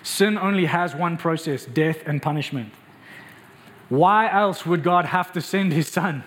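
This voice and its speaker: A man's voice: fairly high pitch, a little slow, fairly bright tone. A man preaching a passionate, emphatic sermon and speaking directly to his congregation in a church. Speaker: pastor.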